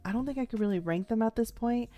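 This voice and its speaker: A woman's voice: a little high, fast, warm tone, faint music behind. A young woman chatting casually about a show she's watching, rambling with lots of "like" and "um" fillers and playfully acting out characters' lines. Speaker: vlogger reacting to a TV series. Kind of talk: casual first-time-watch reaction chat.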